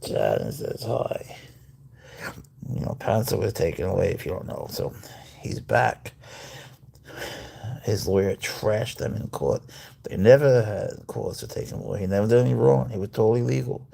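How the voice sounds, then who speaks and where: A man's voice: lowish voice, moderate pace, creaky, warm tone. A man hosting a casual livestream, cooing to his pet cat and reading out viewer comments. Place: at home.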